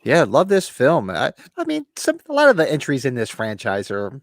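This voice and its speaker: A man's voice: medium pitch, wildly swooping pitch, moderate pace, no room sound, studio quality. A man hosting a casual live movie watch-along, rambling and restarting his sentences. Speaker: host. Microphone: webcam stream setup.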